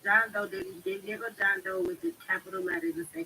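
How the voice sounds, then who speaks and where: A woman's voice: very high-pitched, big pitch swings, a little fast, gravelly, bright, forceful tone, slight background noise, rough recording. A woman hosting a live stream, ranting with fire and profanity while answering her chat. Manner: fiery, profane, addresses the chat directly. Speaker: livestream host.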